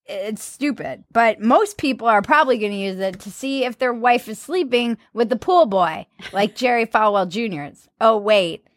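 A woman co-hosting a comedy talk show, riffing sarcastically and breaking into mock voices. Her voice sits a little high, and the sound is close and dry with almost no room. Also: normal speed, few pauses, dry recording, soft background music. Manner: sarcastic, animated, slips into silly voices for jokes. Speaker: co-host of a comedy podcast. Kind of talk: casual comedic chat.

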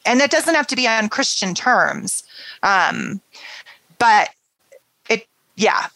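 A woman co-hosting a casual book discussion, reflective and a little halting. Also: fairly high pitch, animated, bright, forceful tone, no room sound, poor audio. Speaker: podcast co-host.

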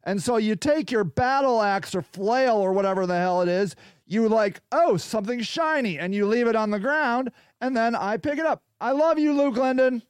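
A man's voice: sits high, normal speed, smooth, no room sound, clean studio sound. A male podcast host in a rambling, casual livestream chat, reacting to viewer comments as he goes.

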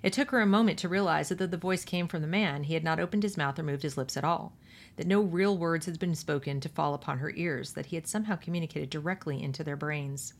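A woman's voice: low-pitched, fast talker. A woman host reading a novel aloud and then commenting with pointed rhetorical questions. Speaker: podcast host.

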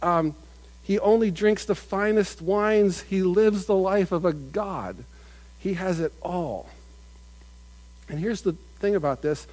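A pastor delivers a conversational sermon, often repeating and restarting his phrases. His voice sits high with a darkish tone, he takes it slowly, and the recording quality is low.

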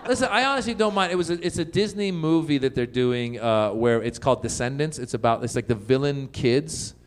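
A man's voice: medium pitch, animated, brisk, slight background noise. A middle-aged man from the United States, a comedian guesting on an interview show, telling stories animatedly, laughing often and acting out voices.

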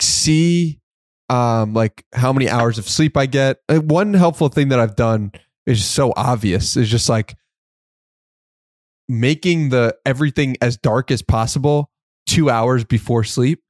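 A man's voice: medium pitch, a little mellow, dry recording, clean studio sound. A man hosting a podcast, talking in an easygoing, casual way and laughing often. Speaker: podcast host.

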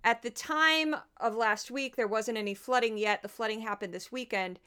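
Casting: woman podcast host, sarcastic and chatty, smooth higher voice. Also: moderate pace, sharp tone. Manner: chatty, sarcastic, laughs often. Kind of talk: casual commentary.

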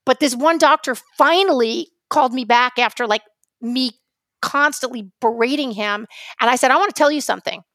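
A woman's voice: sits high, moderate pace, fairly bright tone, dry recording. A woman with a New York accent, telling stories on a podcast in a rambling, impassioned way. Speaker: podcast co-host, journalist. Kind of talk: casual podcast chat.

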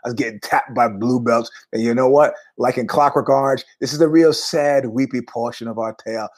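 A man's voice: mid-range voice, a little fast. A middle-aged man hosting a podcast, telling rambling, jokey stories in a casual monologue with asides. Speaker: podcast host.

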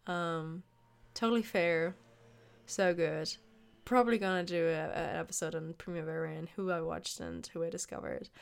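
Hoarse young woman podcaster. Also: fairly low pitch. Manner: chatty, many fillers and restarts. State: hoarse, a bit raspy from shouting. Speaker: podcast host. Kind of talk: casual unedited podcast talk.

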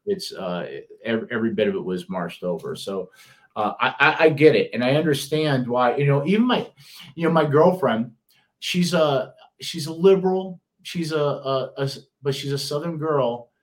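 A man's voice: mid-range voice, animated, moderate pace. A middle-aged man with a Detroit accent in casual podcast talk, rambling with many restarts and fillers. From Detroit area, US. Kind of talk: casual conversation.

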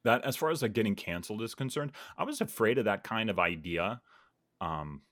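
A man's voice: fairly low pitch, lively intonation, a little fast, fairly bright tone, dry recording, studio quality. A man in casual podcast conversation, reflective and earnest, thinking aloud with many fillers. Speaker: podcast guest or host.

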